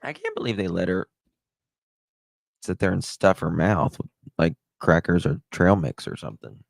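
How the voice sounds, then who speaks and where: A man's voice: low voice, animated, moderate pace, gravelly, no echo. A man hosting a casual livestream, greeting chatters one by one and talking candidly, with some swearing. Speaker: livestream host. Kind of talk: casual live-stream chat.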